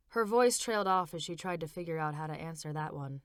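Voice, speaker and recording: A woman author narrating her own novel as an audiobook, in a measured, expressive reading. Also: deep voice, no room sound, clean studio sound.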